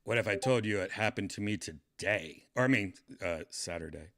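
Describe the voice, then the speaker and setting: Deep-voiced man rambling on a livestream. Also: normal speed, fairly bright tone. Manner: rambling, hesitant, many fillers and restarts. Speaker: podcast host. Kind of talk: casual livestream chat.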